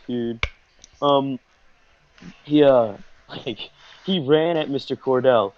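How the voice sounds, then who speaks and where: A man's voice: mid-range voice, slow, long pauses, highs cut off, slight background noise. A man hosting a podcast, telling a story in a rambling, profane, casual way with lots of fillers. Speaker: podcast host.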